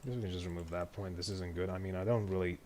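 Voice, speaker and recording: A man with a somewhat low voice walks through a video edit in casual stream talk. He explains each step loosely and often stops to rethink. It feels like a relaxed tutorial. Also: fast talker, a little hiss or hum. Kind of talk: casual editing walkthrough.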